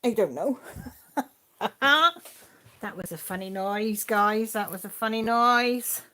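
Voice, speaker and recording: This crafting channel host runs a casual home live stream shot on her phone, talking chattily to both viewers and her dog. Her mid-range voice has a fairly bright tone, and she takes her time speaking.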